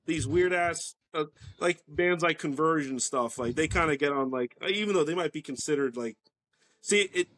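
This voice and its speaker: Bright-voiced man rambling as a guest. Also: fairly high pitch, moderate pace, a little hiss or hum. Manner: loose and rambling, lots of "like" and swearing. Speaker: podcast guest. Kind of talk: casual podcast chat.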